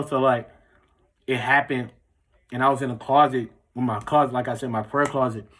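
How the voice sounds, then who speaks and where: A man's voice: medium pitch, fairly even intonation, moderate pace, fairly bright tone. A young man, telling a personal story in a rambling, casual way full of filler words. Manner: rambling, heavy use of "like" and "bro". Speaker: vlogger.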